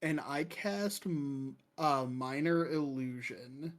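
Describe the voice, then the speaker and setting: A tabletop player who speaks haltingly, with many "um"s and "like"s. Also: medium pitch. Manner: halting, full of filler words. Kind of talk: casual tabletop play.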